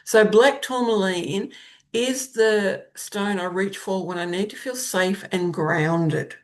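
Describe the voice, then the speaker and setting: A woman hosts her own podcast in a relaxed, conversational way, with a voice of ordinary pitch. She trips over a word now and then and laughs it off, and her sentences often fade to a softer close. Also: takes it slowly. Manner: chatty and warm about crystals, laughs at her own stumbles over words. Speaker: podcast host, spiritual guide. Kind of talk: casual solo podcast talk.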